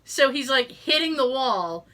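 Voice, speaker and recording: A woman's voice: high-pitched, animated, measured pace, bright, forceful tone. A middle-aged woman hosting a podcast, telling a story in casual chat, swearing freely and laughing as she talks. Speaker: podcast host.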